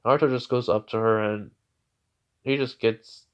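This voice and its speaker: A man's voice: mid-range voice, steady tone, moderate pace, clear, resonant tone. Rambling man telling a fan story. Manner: rambling, many fillers and restarts. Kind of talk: improvised fan-fiction narration. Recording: dull lo-fi recording.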